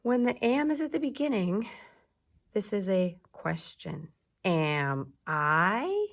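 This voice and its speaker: A woman teacher leading an early reading lesson for young children, speaking slowly and clearly and drawing out her words. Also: on the high side, expressive, dark tone. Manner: slow, clear teacher talk with drawn-out words.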